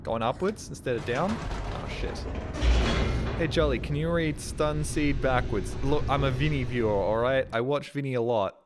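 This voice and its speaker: A man's voice: mid-range voice, normal speed, music in the background. A man streaming a game live, rambling and swearing in casual commentary, often laughing.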